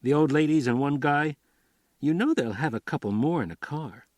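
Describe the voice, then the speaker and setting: A terse, watchful criminal man sitting in a car on a stakeout, voiced by an audiobook narrator. His lines come short and clipped, a little above the narrator's own pitch, in a dry, close recording. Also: animated, normal speed, a little mellow, dry recording, close to an everyday voice.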